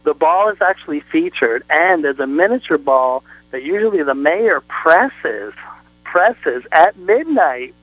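A man's voice: a little high, animated, unhurried, fairly bright tone, dry recording, poor audio. A man talking as a brand spokesperson guest on a talk show, effusive and salesy with many fillers. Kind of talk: call-in talk show interview.

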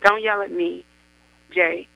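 A woman's voice: lowish voice, steady tone, slow pace, vocal fry, bright, forceful tone, dry recording, heavily acted. A woman voicing an ashamed young woman confessing to her friend, in a pleading, remorseful tone. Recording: dull lo-fi radio sound.

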